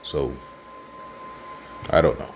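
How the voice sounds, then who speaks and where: A Bahamian man giving casual football commentary and predictions, passionate and quick to get worked up. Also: slight background noise. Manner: passionate, gets worked up and loud. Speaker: sports fan vlogger.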